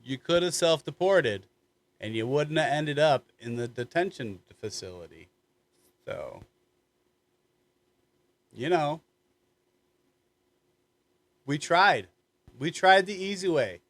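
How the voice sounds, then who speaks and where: A man's voice: fairly high pitch, expressive, takes it slowly, long pauses, fairly bright tone, no room sound. A man co-hosting a reaction commentary show, talking bluntly with constant swearing. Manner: blunt and profane.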